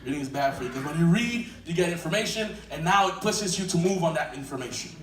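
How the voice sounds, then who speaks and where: A pastor preaching a sermon with animated energy that builds to shouting. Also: male voice, a little high, quick pace, far from the mic. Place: church sanctuary. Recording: echoey hall recorded from afar.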